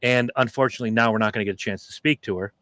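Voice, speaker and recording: A man's voice: mid-range voice, fairly even intonation, racing, fairly bright tone, dry recording. A middle-aged man hosting a podcast, chatting casually and telling stories with profanity and acted-out quotes. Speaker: podcast host. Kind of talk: casual chat.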